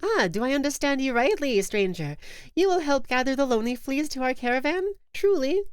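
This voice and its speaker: A woman voicing a gentle old female flea who leads a travelling caravan, speaking in an earnest, pleading way. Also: high-pitched, big pitch swings, a little fast, clean tone, no echo. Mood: hopeful.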